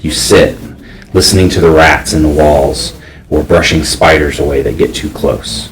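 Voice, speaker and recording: A man runs a tabletop game, his voice sitting extremely low. He narrates in a halting way, full of fillers and restarts. He sounds set back from the mic, with a faint hiss behind him. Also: steady tone, distant mic, poor audio. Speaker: game master.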